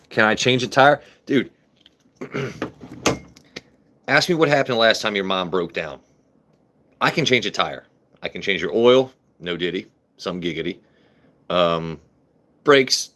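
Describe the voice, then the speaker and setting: A man's voice: sits low, a bit bright. A young man hosting a casual phone live stream, joking, swearing and talking back to his viewers' comments. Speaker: livestream host. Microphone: phone camera.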